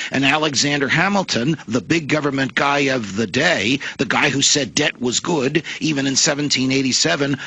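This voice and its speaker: Gravelly, forceful former judge holding forth. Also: male voice, fairly high pitch, no room sound, rough recording. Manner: oratorical, emphatic, builds in lists. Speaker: former judge, radio show guest. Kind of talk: impassioned radio interview monologue.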